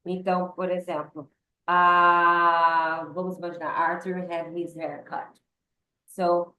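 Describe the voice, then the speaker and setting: A woman English teacher talks slowly and patiently through grammar points, moving between English and Portuguese. Her voice sits a little low. The sound is roomy with a clear echo. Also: level tone, bright, forceful tone. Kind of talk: online English class.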